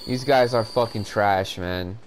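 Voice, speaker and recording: A man's voice: on the low side, a little slow, soft background music. A man giving profane, frustrated commentary over a game walkthrough, ranting at the players watching. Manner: frustrated, swearing, exasperated rants. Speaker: gameplay commentator.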